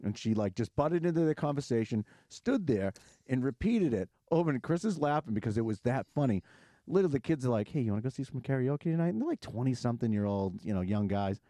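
Mellow-voiced podcast host telling a story. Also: male voice, medium pitch, no echo. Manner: storytelling, animated, quick to laugh. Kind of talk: casual podcast chat.

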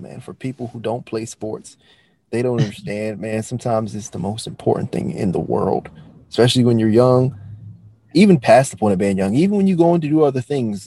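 A man hosting a casual conversation who responds in a relaxed, affirming way and often says "man". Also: fairly low pitch, dry recording. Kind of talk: casual chat.

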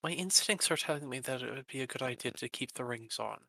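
Male tabletop player, gravelly and bright, dry close sound, animated delivery. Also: medium pitch, quick pace, no echo, poor audio. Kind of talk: in-character play and narration.

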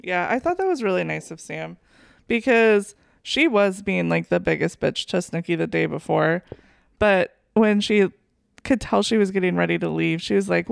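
A woman co-hosting a podcast, casual and agreeable, often chiming in with quick "yeah"s. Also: lowish voice, vocal fry, no room sound, studio quality. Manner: giggly, agreeable backchannels. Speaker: podcast co-host. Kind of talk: casual chat, TV show recap.

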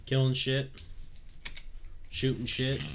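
A man's voice: mid-range voice, monotone, slow, vocal fry, a little hiss or hum. A man hosting a casual live-streamed podcast, joking, swearing freely and laughing often. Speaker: podcast host.

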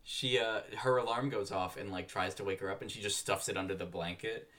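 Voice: low-pitched, fairly even intonation, brisk, over a noisy crowd. A young adult co-hosting a casual podcast, recapping a drama with playful jokes and frequent laughter. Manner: playful, jokey, laughs a lot. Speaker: podcast co-host.

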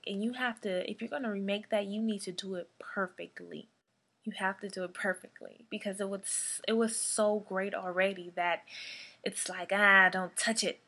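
A woman's voice: medium pitch, a bit bright. Chatty young woman podcast host. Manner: chatty, swears casually, laughs often. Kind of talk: casual solo podcast talk.

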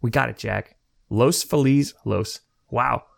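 A man's voice: mid-range voice, takes it slowly, creaky. Laid-back man summarizing a plot. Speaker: podcast co-host. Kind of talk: casual chat.

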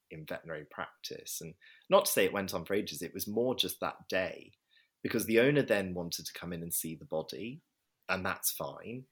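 A man's voice: sits low, a bit bright, slightly rough. A man, a vet, earnestly recounting a hard day at work in a casual interview. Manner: earnest, reflective, acts out quoted voices. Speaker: vet telling a story.

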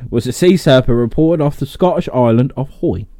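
A man's voice: medium pitch, brisk, mellow, no room sound, studio quality. A man hosting a podcast, chatting casually, reading out facts and joking and swearing between laughs. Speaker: podcast host.

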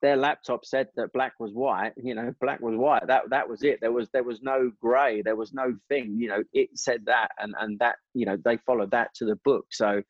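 A man's voice: mid-range voice, steady tone, moderate pace, few pauses, no room sound. A man telling racing stories in a casual interview, rambling with many restarts. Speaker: guest, former motorcycle racer. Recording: dull dry sound.

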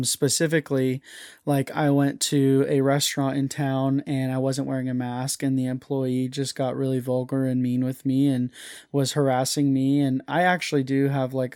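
A man's voice: medium pitch, a little mellow, no echo, clean studio sound. A man talking as an interview guest, earnest and confessional, often restarting his sentences. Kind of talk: casual chat.

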